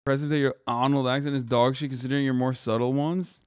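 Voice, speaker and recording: Streamer guy, smooth clear voice, dry close mic, casual and sweary. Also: mid-range voice, flat delivery, fast talker, a little mellow, dry recording. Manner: casual, profane, offhand. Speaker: streamer host. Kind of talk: casual reaction commentary.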